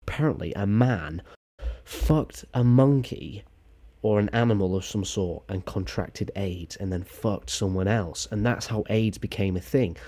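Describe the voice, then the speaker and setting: A man's voice: on the low side, dark tone. A man giving crude, rambling reaction commentary on a video.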